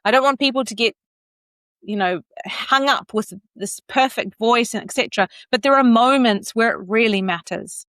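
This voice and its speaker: A woman vocal coach giving conversational advice, animated and laughing now and then as she demonstrates pitch. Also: normal speed, no room sound.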